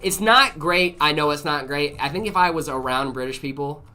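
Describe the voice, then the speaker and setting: Bright, chatty male stream host. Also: fairly high pitch, moderate pace. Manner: rambling and friendly, reads chat aloud. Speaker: livestream co-host. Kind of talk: casual chat.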